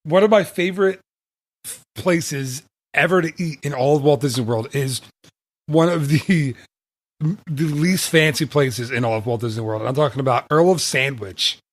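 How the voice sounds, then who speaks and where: Podcast host, male, rambling and laughing a lot, slightly high voice, dry close mic. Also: normal speed, no echo. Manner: rambling, laughs often, self-correcting. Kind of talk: casual chat.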